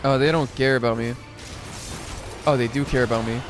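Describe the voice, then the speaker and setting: A man's voice: mid-range voice, steady tone, a little fast, music in the background. A man streaming a video game, chatting casually and swearing as he jokes and talks to the creatures on screen. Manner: profane, joking, talks to the game.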